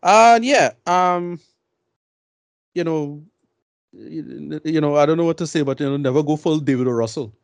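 A man's voice: fairly high pitch, normal speed, vocal fry, long pauses, no room sound, studio quality. A man giving blunt, rambling film opinions in a casual podcast chat. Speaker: film review podcast co-host.

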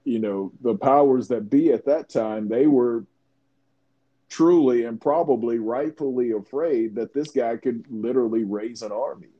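A man co-hosting a casual podcast, talking in a measured, reflective way with frequent restarts. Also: mid-range voice, highs cut off. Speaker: podcast co-host.

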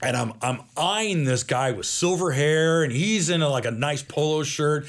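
A man's voice: fairly high pitch, lively intonation, moderate pace. A man in his thirties, a podcast guest, telling a long story in casual chat and acting out other people's lines. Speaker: guest, magazine founder.

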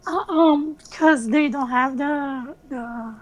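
Woman, high voice, slow and halting, guest on a podcast. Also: muffled recording. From Brazil. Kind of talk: casual podcast chat.

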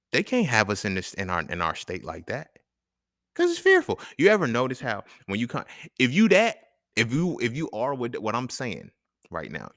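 Male podcast host, low and animated, blunt and profane, dry close sound. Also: no room sound. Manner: chuckles between points. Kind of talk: casual monologue.

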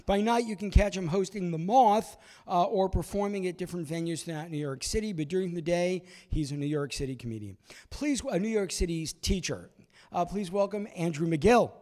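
A man hosts a live storytelling event and introduces the next performer. He pauses often, with fillers along the way. His voice is slightly high for a man. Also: darkish tone. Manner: hesitant, many fillers. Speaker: event host. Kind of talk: introducing speakers.

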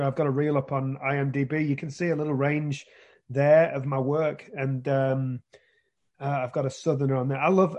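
British man, actor guest, casual interview, slightly high voice, frequent restarts. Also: darkish tone. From Britain. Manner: rambling with many restarts.

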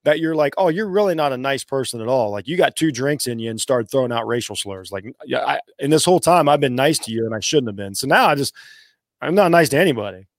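A man co-hosting a podcast in casual chat, rambling and animated, swearing now and then. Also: medium pitch, fast, dry recording, studio quality. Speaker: podcast co-host.

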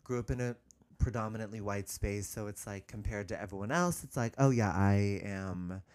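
A man speaking candidly as an interview guest, hesitant, with many restarts, and turning animated as he goes. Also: fairly low pitch, normal speed. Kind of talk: candid personal conversation.

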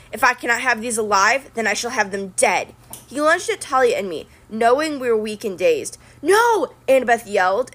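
Expressive woman reading a story aloud. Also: on the high side. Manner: expressive first-person narration. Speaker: reader.

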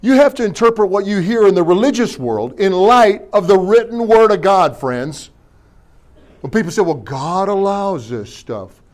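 A man's voice: sits high, sing-song, moderate pace. A middle-aged man preaching a sermon as pastor, folksy and jokey, tossing in amens and rhetorical questions.

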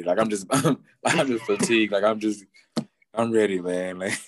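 A low-voiced man tells his story with lively animation, jumping high in pitch whenever he acts out what people said. He laughs often between lines. The sound is dry and close, with no room echo. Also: a little fast. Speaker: football player guest.

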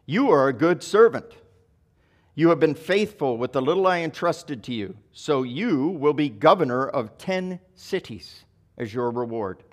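A man's voice: fairly high pitch, lively intonation, unhurried. A man reading aloud the words of a stern, demanding king from a parable. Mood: approving. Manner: reads the king's words aloud with stern emphasis.

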